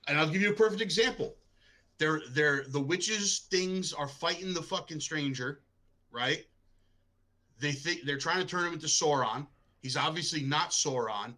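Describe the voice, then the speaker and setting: Male podcast co-host, high-ish bright voice, blunt ranting critic. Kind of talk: casual chat. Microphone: podcast microphone.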